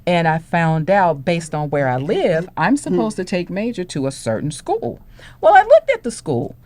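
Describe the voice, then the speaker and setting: A woman's voice: fairly low pitch, moderate pace. A woman on a discussion panel, telling a personal story as a parent and acting out the voices of the people in it. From Houston, Texas. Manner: animated storytelling, acts out dialogue.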